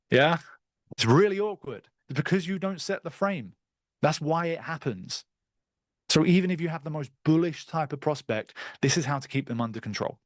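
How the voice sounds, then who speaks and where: A man teaching a live online sales masterclass over a video call, direct and brisk, with the odd bit of crude slang. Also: medium pitch, no echo. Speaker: sales trainer.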